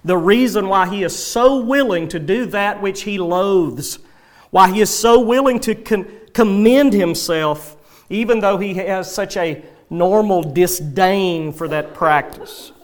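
A man preaching an expository sermon to his congregation, reading scripture and explaining it in a measured, emphatic way. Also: sits high. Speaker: pastor.

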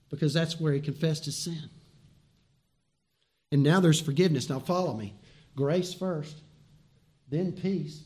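A man preaching a sermon as pastor, swinging from loud, emphatic repeated words to hushed, folksy asides and direct questions to the listeners. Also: a little high.

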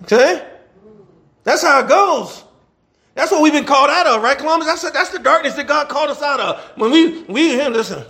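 High-voiced gravelly preacher man. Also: brisk. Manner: animated preaching, rhetorical questions, call and response; folksy dialect, laughs between points. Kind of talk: sermon.

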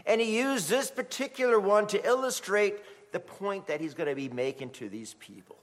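A middle-aged man preaching a sermon as a pastor, telling stories in an animated way. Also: sits high, normal speed. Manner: animated storytelling, acts out quoted voices. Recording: long hall reverb.

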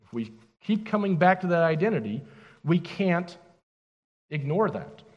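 A man preaching a sermon as pastor, emphatic and animated, asking the congregation rhetorical questions. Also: a little high, measured pace, big-room sound, highs cut off. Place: church.

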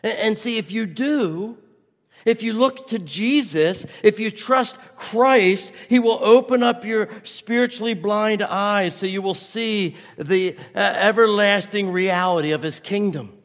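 A man's voice: high-pitched, unhurried, big-room sound. A man preaching a sermon as pastor, earnest and urgent, often restarting his phrases.

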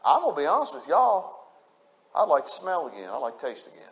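A man's voice: on the high side, wildly swooping pitch, fast talker, fairly bright tone. A man preaching a sermon, repeating his points with emphasis and speaking straight to the congregation. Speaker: pastor.

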